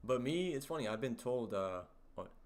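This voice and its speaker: A man hosting a livestream, chatting casually and teasing his viewers in a rambling, halting way. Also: medium pitch, expressive. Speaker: livestream host. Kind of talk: casual livestream chat, reading viewer comments.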